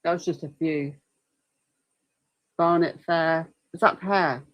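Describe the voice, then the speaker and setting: A woman's voice: sits low, fairly even intonation, slow pace, lo-fi sound. A woman hosting a livestream, chatting casually in a rambling way with apologetic asides. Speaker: livestream host commenting on a trial. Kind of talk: casual chat.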